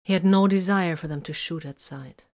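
A woman narrating a story in a lowish, even voice. She reads at a measured pace, steady and clear, letting each sentence land. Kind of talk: story reading.

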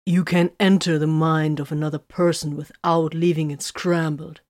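A woman's voice: deep voice, level tone, normal speed, darkish tone, no room sound, clean studio sound, close to an everyday voice. A woman voicing a sarcastic warrior man. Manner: sarcastic, ironic. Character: sarcastic adult male space warrior.

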